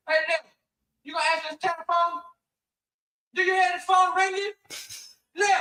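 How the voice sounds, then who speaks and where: A man's voice: very high-pitched, recorded from a distance, pitched above the performer's own voice, heavily acted, low-quality recording. A man putting on the voice of a drunk, belligerent father who rants and swears at his wife in a stand-up bit, slurring his words. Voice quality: slurred, loud and profane.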